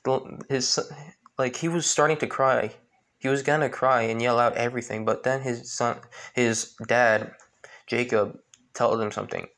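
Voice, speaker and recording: A man retelling a fan story in a halting way, with many restarts and fillers. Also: mid-range voice, fairly even intonation, fairly bright tone.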